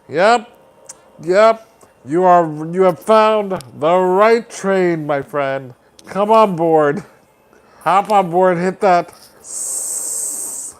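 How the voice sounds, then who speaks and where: A man's voice: high-pitched, clear, resonant tone. A man hosting a livestream, chatting casually and upbeat as he reads out viewer comments and rallies support. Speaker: livestream host.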